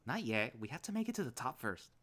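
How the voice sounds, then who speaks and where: Guy doing a chirpy young lynx dude, high and fussy, babbles and frets over his buddy, storybook read-aloud. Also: sing-song, fast talker, a bit bright, faint music behind. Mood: upbeat. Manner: eager, worried, babbling. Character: cheerful, fussy young male lynx hiker.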